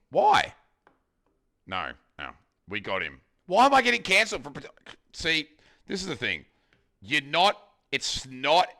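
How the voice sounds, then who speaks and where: Aussie male streamer, sharp bright voice, cooking at home, loose sweary banter with chat. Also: fairly high pitch. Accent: Australian. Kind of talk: casual live-stream chat while cooking. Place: home kitchen.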